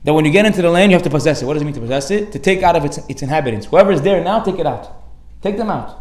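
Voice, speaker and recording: In an echoey synagogue hall, a rabbi with a slightly high male voice gives a Torah class at a fast, energetic clip. His lively, animated sermon features acted-out anecdotes and slips in Hebrew words and slang.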